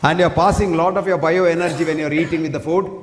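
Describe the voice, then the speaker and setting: A man's voice: fairly high pitch, steady tone, quick pace, a faint crowd, a little hiss or hum. Emphatic Indian man lecturing in a hall. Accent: Indian English. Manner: emphatic, preachy, recites Sanskrit verses. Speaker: doctor giving a health lecture. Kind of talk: public health lecture. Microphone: single fixed stand mic. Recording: echoey hall with long reverb.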